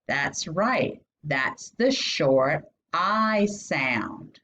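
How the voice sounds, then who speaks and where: A woman teaching a phonics lesson, sounding out each vowel slowly and lifting her voice on questions. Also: big pitch swings. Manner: stretches out and sounds out each vowel, asks questions with rising pitch. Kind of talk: slow instructional phonics lesson. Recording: dull lo-fi sound.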